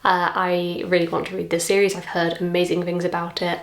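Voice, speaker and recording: A young English woman chatting to camera as a book vlogger, excitable, with quick asides. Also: on the low side, gravelly. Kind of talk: casual chat to camera. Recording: echoey room.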